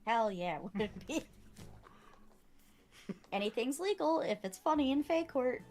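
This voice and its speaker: A woman's voice: a little high, sing-song, unhurried, darkish tone, soft background music. A woman co-streaming a game, chatting playfully and bluntly, swearing freely. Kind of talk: casual game playthrough chat.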